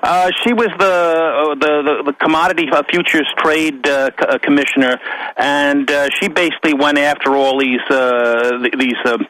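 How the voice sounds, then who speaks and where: A man calling in to a radio show who speaks hesitantly and haltingly, with many fillers. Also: a little high, fairly even intonation, a bit bright, dry recording, poor audio. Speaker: caller. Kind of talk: call-in radio conversation.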